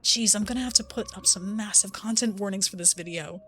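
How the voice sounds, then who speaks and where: A woman's voice: mid-range voice, brisk, pushed and bright, soft background music. A woman streamer playing a story game, reading its text aloud with playful asides. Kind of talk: let's-play narration reading a visual novel aloud.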